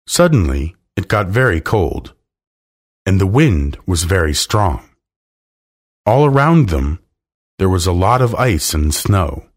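Deep-voiced man reading a children's story. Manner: slow, expressive reading. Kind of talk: children's story read aloud.

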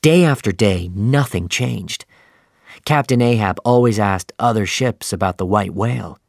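A man narrating a simplified sea novel in a slow, clear, even storytelling manner. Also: lowish voice, no room sound, studio quality. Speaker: audiobook narrator.

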